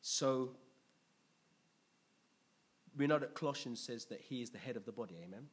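A man preaching a sermon in a conversational, lively way, asking the congregation questions. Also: mid-range voice, moderate pace, slightly rough.

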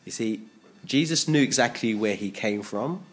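A man preaching a sermon, animated, acting out quotes in different voices and laughing at himself. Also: on the low side, moderate pace.

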